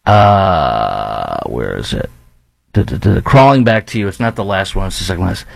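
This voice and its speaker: A man's voice: deep voice, very animated, moderate pace, creaky, no room sound, low-quality recording. A man with a Chicago accent hosting a blunt, scornful opinion commentary, rambling with fillers between points. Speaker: commentary host.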